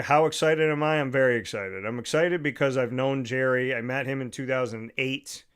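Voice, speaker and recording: A man hosts a relaxed sports talk show, with a smooth, clean tone in a middle register. He talks casually, restarting and repeating words as he works into his points. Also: mid-range voice. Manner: conversational, repeats words when starting thoughts. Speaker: podcast host.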